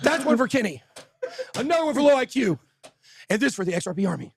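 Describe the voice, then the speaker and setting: A man hosting a show, shouting angry, fired-up insults in a breathless rant. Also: extremely high pitch, very animated, fast talker, gravelly, a little hiss or hum. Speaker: host. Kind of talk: ranting livestream talk.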